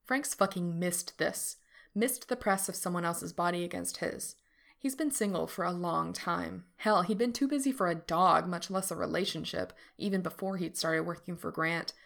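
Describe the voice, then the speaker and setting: A woman reading fiction aloud in a steady, unhurried narration. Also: fairly low pitch, gravelly. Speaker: reader.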